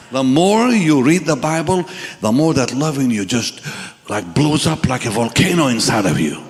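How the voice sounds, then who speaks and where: An older male preacher with a fairly high voice, delivering a dramatic sermon that rises and falls widely in pitch. He moves from near-whispers to shouts. The sound carries the long echo of a large hall. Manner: dramatic, swings from hushed to shouting. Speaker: pastor. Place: large church or crusade hall with congregation.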